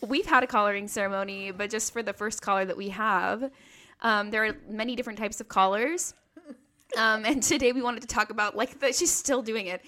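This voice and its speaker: A woman's voice: mid-range voice, brisk, bright, forceful tone. A woman co-hosting a podcast in casual chat, playful and teasing with a rambling way of talking. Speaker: podcast co-host.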